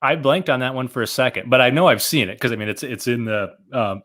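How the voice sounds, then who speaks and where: A man's voice: medium pitch, quick pace, fairly bright tone. A man answering trivia questions in casual chat, easygoing and hesitant when unsure. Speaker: trivia contestant.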